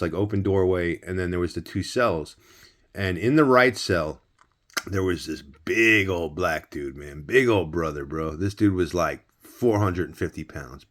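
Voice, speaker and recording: A man with a fairly low voice tells a personal story in a loose, casual way. He restarts his sentences over and over and drops in swear words as he goes. He sounds close to the mic, indoors. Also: fairly bright tone. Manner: rambling, many restarts and swearing.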